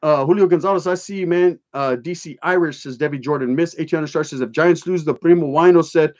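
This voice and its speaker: Streamer, middle-aged man, slightly high pitch, blunt street-slang storyteller. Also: fast talker, darkish tone. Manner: streetwise slang mixed with Spanish words, heavy swearing; blunt, storytelling, joking then serious. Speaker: livestream host. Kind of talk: casual livestream chat, reading comments aloud.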